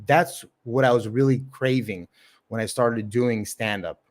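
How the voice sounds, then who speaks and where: A man with a medium-pitched voice, who performs open mic comedy, hosts a casual livestream chat at a measured pace. His talk wanders, full of swearing and filler words.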